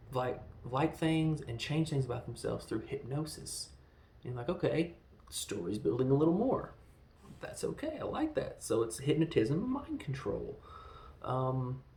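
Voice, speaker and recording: Man in his thirties, gravelly voice, rambling casual film review, echoey room. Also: mid-range voice. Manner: rambling, animated, acts out quotes. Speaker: podcast host reviewing films.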